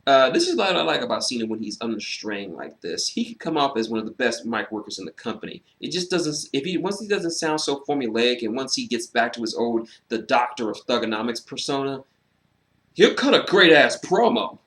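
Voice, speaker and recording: A man with a medium-pitched voice moves at a brisk clip through his solo wrestling show review. It's casual and animated, and he's sarcastic, swearing freely with frequent fillers.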